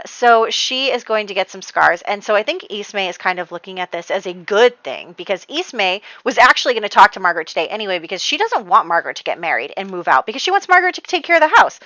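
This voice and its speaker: A woman giving casual voice-over commentary on her game, chatty and animated, often laughing. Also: mid-range voice, fairly quick, no room sound, rough recording. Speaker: gameplay narrator.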